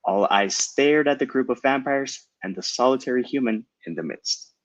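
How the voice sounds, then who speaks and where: A man who hosts a panel, reading a passage of his own novel aloud in a steady storytelling manner. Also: mid-range voice, moderate pace, no echo. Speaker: host and author. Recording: dull lo-fi mic, dry.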